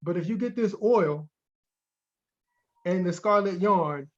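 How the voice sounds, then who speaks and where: A man with a high voice reads odd news stories to his co-host, amused and chuckling between lines. His audio is muffled and lo-fi. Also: slow. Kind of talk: casual comedic chat.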